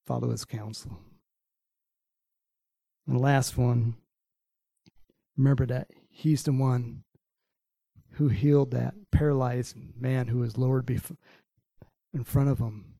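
A man preaching a sermon, acting out a Bible story with voices for the characters and chuckling often, then praying softly, at times in a whisper. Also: medium pitch, flat delivery, a little slow, creaky, long pauses, no echo, low-quality recording. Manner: prays softly, sometimes in a whisper. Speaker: pastor.

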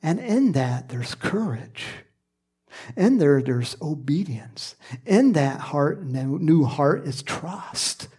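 A man's voice: a little high, big pitch swings, takes it slowly, mellow, breathy edge. A man preaching a conversational sermon, acting out quoted lines and dropping at times to a whisper. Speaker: pastor.

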